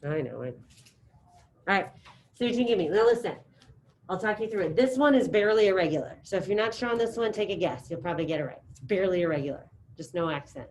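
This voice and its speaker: Upbeat lower-pitched woman teaching class. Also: expressive, quick pace, a little mellow, rough recording. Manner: upbeat, encouraging, chatty. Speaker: high school Spanish teacher. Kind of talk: classroom teaching with call-and-response drills. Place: classroom with students present and online.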